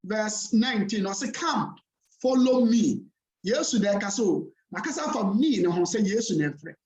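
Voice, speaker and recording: Ghanaian pastor, animated sermon delivery, roomy church echo. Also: male voice, high-pitched, moderate pace. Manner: preaching in a mix of Twi and English, emphatic repetition. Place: church hall. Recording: echoey church hall.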